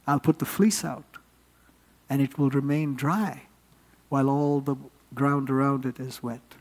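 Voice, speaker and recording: A man's voice: mid-range voice, steady tone, measured pace, a little mellow, big-room sound. A man preaching a sermon, earnest and building up with rising emphasis.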